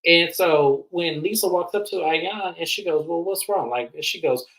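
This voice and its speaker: Bright-voiced man recapping reality TV. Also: normal speed, poor audio. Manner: animated, acts out quotes with raised pitch. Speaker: recap show co-host. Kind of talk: casual review chat.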